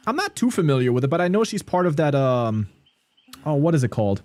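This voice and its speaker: A man's voice: on the high side, very animated, brisk, a little mellow, dry recording. A young man from Germany, casually chatting with viewers and cracking jokes while streaming a game. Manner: joking, cursing, chatting with viewers. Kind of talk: casual livestream commentary.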